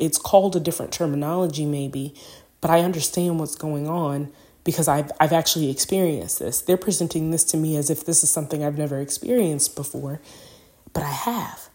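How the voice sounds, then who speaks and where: Speaking in a deep, dark-toned voice, a young female podcast host wanders through a personal reflection. She leans heavily on filler words and is openly emotional.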